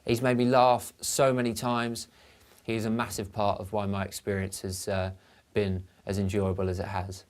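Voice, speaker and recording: A young man with a lowish voice talks in a reality-show diary room. He speaks earnestly and from the heart, explaining his choices one after another. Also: little pitch movement, moderate pace.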